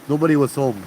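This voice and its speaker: A man's voice: a little high, rough recording. A man from Hawaii with a Hawaiian Pidgin accent, telling ghost stories in a chatty, slangy way to a group outdoors at camp. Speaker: ghost storyteller. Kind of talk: casual ghost storytelling to a group. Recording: steady background noise hum.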